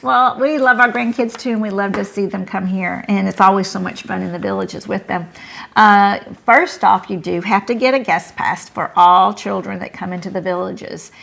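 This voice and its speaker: A woman's voice: mid-range voice, steady tone, normal speed, creaky, a bit bright. An older woman co-hosting a casual chat, chatty and explaining things with fillers. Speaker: co-host.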